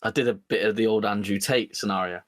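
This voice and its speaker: A man co-hosting a podcast, telling an animated story and acting out both sides of an argument with his partner. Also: fairly low pitch, quick pace, no room sound. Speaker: podcast co-host. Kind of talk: casual chat.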